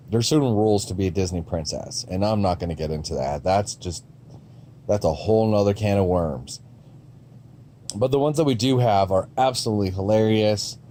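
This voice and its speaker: A man's voice: deep voice, moderate pace, dark tone, slight background noise. A man giving a casual, rambling review of movie trailers, with frequent ums and restarts and a blunt, sometimes profane way of talking.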